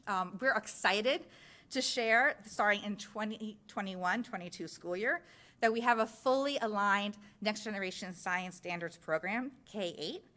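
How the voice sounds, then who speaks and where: A woman giving a presentation at a school board meeting, explaining a science program slide by slide. Her pitch sits in a mid range for a woman, and she speaks in a steady, informative way as she guides listeners through the material. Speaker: district science curriculum presenter. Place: public meeting room.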